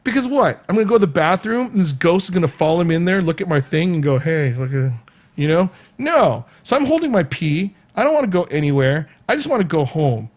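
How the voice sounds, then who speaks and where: Talking fast with hardly any pauses, a high-voiced man from California tells a story in a casual vlog. He's animated, laughs frequently, and plays out the quoted dialogue himself.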